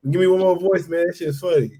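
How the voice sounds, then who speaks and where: A man hosting an interview, relaxed and slangy, laughing easily. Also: high-pitched, quick pace, husky. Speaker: podcast host. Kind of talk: casual interview chat.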